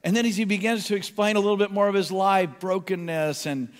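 A man's voice: high-pitched, fast, in a large hall. A male pastor telling a story in a sermon, acting out the people he quotes. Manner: animated storyteller, acts out quotes. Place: large church hall.

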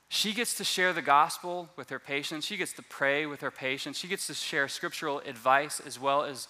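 Male pastor giving a sermon testimony; animated, a bit high-pitched, bright and forceful delivery. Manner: animated storytelling, repeats words when restarting.

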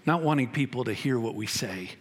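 A man preaching a sermon as pastor, emphatic and repetitive, with wide swings in pitch. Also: lively intonation, a little fast, breathy edge.

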